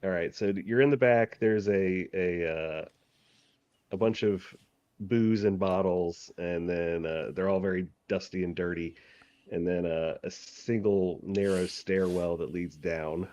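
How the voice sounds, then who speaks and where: Low-voiced man running a tabletop game. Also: steady tone, a little slow, darkish tone, no echo, lo-fi sound. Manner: hesitant, many ums and uhs. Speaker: game master.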